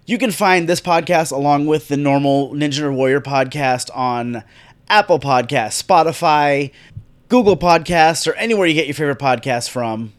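A man's voice: on the high side, moderate pace. A man hosting a solo wrestling recap podcast, talking casually with sarcastic, profane rants. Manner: sarcastic, profane, ranting asides. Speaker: podcast host.

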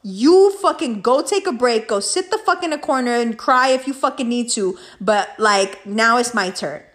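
A woman telling a story in a vlog, animated and heavy on profanity. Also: on the high side, normal speed.

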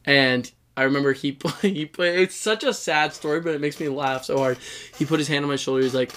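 A man on a casual podcast, chatting with his brother. His voice sits a little high for a man, and he winds through a long rambling story full of fillers and the odd curse word. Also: fairly quick, fairly bright tone. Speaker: podcast co-host. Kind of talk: casual chat between brothers.

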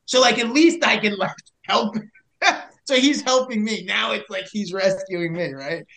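Young male podcast guest, animated storyteller, roomy echo. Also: high-pitched, measured pace. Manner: animated, acts out both sides of dialogue. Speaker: podcast guest, search and rescue hiker. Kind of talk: casual storytelling.

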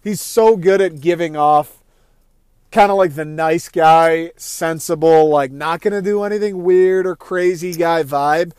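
A young man hosting a casual, rambling movie-review podcast, swearing freely and acting out his own reactions in quick asides. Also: a little high, smooth, no room sound, studio quality. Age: young adult. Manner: rambling, excitable, profane, acts out quoted thoughts. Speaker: podcast host.

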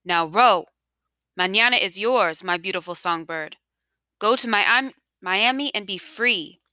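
A woman voicing an elderly grandfather, earnest and pleading about the past, then quietly resolute, in a storybook reading. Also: medium pitch, a little slow, no echo. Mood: shouting. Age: over 60. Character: remorseful elderly grandfather, former official, now resolved.

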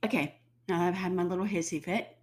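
A woman's voice: on the low side, a little fast. Woman in her fifties, stuffy and sore-throated, blunt, profane to-camera ranter. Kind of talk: casual rant to camera.

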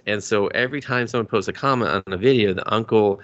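Male podcast co-host, lowish voice, rambling giddy recap style with lots of cursing. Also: quick pace, hardly any pauses. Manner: excited, rambling, swears a lot, laughs often. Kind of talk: casual chat recapping an anime.

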